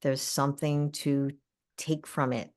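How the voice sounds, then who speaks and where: A woman's voice: very deep voice, little pitch movement, unhurried, a little mellow. A woman hosting a podcast, adding short, affirming interjections. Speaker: podcast host.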